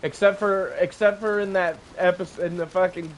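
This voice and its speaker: A man's voice: high voice, steady tone, brisk, slight background noise. A young adult man streaming a survival game, chatting casually with jokes, swearing and frequent laughter. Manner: joking, swearing, laughs often. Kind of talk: casual gaming livestream chat.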